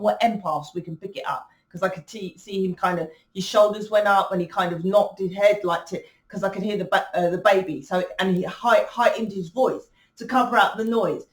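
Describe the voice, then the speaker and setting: A woman's voice: medium pitch, echoey room, far from the mic. A woman giving a spiritual reading to her viewers, blunt and emphatic, swearing freely. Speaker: spiritual reader. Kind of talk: casual monologue to viewers.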